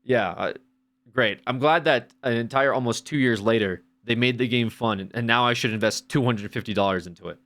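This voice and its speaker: A man's voice: medium pitch, fairly quick, few pauses, fairly bright tone. A man streaming and reacting to videos, ranting casually in a sarcastic, profane, rambling way.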